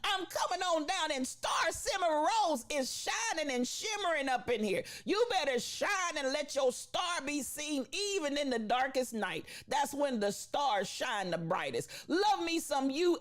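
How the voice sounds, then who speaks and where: A woman hosting a live stream, chatting casually, laughing often and calling her viewers baby and sister. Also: high-pitched. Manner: emphatic, repeats phrases for effect.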